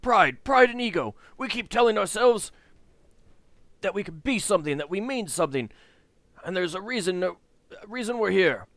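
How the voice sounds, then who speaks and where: A man's voice: sits high, lively intonation, moderate pace, long pauses, no echo, voice pushed up. A man doing a raving, despairing old man. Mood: bitter ranting. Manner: shouting, scornful, ranting.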